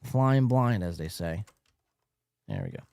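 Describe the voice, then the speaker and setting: A male podcast host giving loud, profane, mocking commentary on a live stream, laughing often, tired late at night. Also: deep voice, wildly swooping pitch, a little slow, creaky, no echo.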